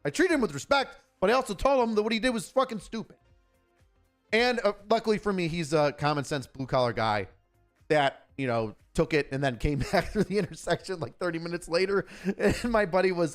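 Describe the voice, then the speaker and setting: A man talking bluntly and swearing freely, as a former officer running a casual livestream. His voice sits high for a man and swings widely up and down. Faint music plays behind him. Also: animated, brisk. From Buffalo, New York. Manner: blunt, profane, storytelling with acted dialogue. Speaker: retired police officer commentating news.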